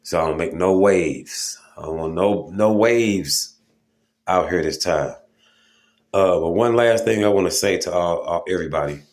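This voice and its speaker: Man, low register, casual preaching monologue, emphatic, keeps checking in with listeners. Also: normal speed, a little mellow. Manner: informal and emphatic, with many fillers and "okay?" check-ins. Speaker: religious video host.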